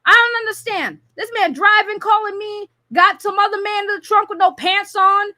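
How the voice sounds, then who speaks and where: High, bright woman ranting on a stream. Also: no room sound, clean studio sound. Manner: loud, profane, mocking, rapid comic riffing. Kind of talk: live stream rant. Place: home.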